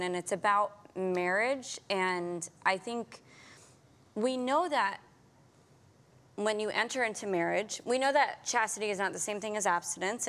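A woman's voice: fairly low pitch, fairly bright tone. A woman hosting a faith discussion, speaking earnestly and affirming her guests. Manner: earnest, affirming, laughs easily. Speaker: host.

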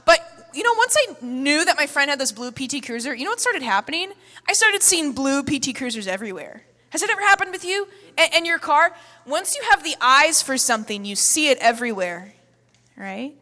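A woman preaches with high, bright energy, telling stories with humor and hitting her points hard. Her voice carries through an echoey church hall with a long reverb. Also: a little fast. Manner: energetic, humorous, emphatic storytelling. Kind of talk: sermon.

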